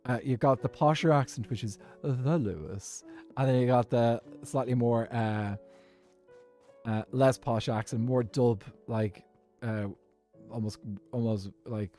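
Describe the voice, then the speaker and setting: A man's voice: mid-range voice, darkish tone. Rambling Dublin-accented man streaming a game. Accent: Irish, Dublin. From Ireland. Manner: rambling, halting, with many fillers and restarts. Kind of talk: casual gameplay chat while streaming.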